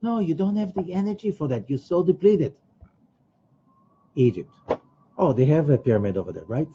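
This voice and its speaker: A man teaching a Kabbalah study class in an animated way, acting out quoted voices. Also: moderate pace, highs cut off, slight background noise. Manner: animated, rising to emphatic high bursts; acts out quoted voices of other people. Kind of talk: religious study lecture.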